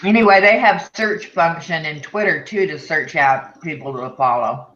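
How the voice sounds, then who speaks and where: A man's voice: on the high side, normal speed, sharp tone, roomy sound, highs cut off. A man chatting loosely and jokingly on an online group call. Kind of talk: casual online group chat.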